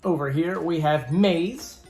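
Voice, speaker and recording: A man's voice: a little high, slow pace, darkish tone, soft background music. A man hosting his own channel, walking viewers through a homemade game board in a chatty, upbeat way, with rambling asides. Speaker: YouTube host. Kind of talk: casual show-and-tell walkthrough.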